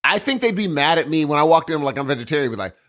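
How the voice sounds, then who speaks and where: A man's voice: a little high, big pitch swings, quick pace, fairly bright tone. A young man co-hosting a podcast, rambling in casual chat and acting out little voices. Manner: rambling, jokey, acts out voices. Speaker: podcast co-host.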